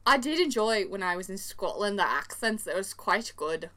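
A chatty woman from the American Midwest co-hosts a casual podcast. Her voice is bright, and it moves up and down a lot as she tells anecdotes with giggles. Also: medium pitch, expressive, normal speed. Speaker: podcast co-host. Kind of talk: casual chat.

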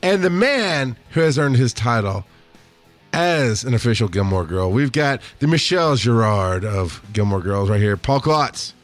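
A man's voice: mid-range voice, animated, measured pace, faint music behind. A man hosting a podcast, joking and laughing between topics as he introduces his co-hosts. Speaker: podcast host. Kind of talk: casual podcast banter.

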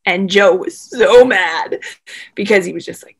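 A woman being interviewed, telling a long story in casual, animated talk full of "like" fillers. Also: medium pitch, measured pace, breathy edge. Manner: animated, rambling, frequent "like" fillers. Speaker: interview guest, former swimmer.

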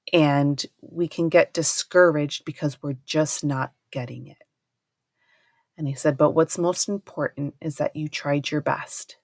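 A woman's voice: deep voice, a little mellow, no echo, studio quality. A woman hosting a podcast, telling a personal parenting story in an earnest, reflective, conversational way that often asks "right?". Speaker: podcast host, homeschooling parent.

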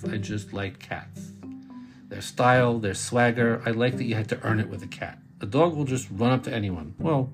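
A middle-aged man from Brooklyn, a podcast host, telling a personal story in a casual, wry way and sometimes swearing. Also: lowish voice. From Brooklyn, New York. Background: guitar music.

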